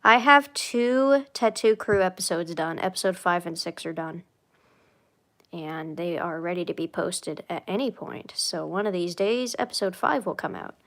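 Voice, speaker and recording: A young woman streamer chatting casually and rambling, self-deprecating, swinging from tired sighs to excited squeals. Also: fairly low pitch, normal speed. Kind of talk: casual rambling livestream chat.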